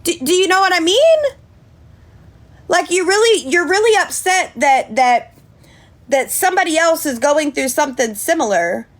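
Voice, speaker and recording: High animated woman livestreaming. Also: moderate pace. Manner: chatty, thanks viewers by name, indignant. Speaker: livestream host. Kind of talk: casual livestream chat.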